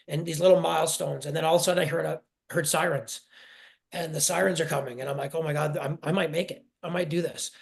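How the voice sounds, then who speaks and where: Emotional man with a gravelly voice. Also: on the high side. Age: 40s. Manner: halting, repeats and restarts, emotional. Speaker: guest. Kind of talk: emotional personal storytelling.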